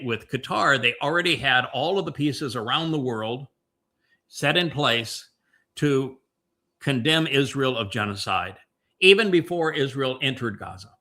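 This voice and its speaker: A man hosting a podcast, talking through casual commentary in a meandering way, with many fillers and restarts and a slower pace on the points he stresses. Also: medium pitch, sharp tone. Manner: emphatic, slows down on key points. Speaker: podcast host.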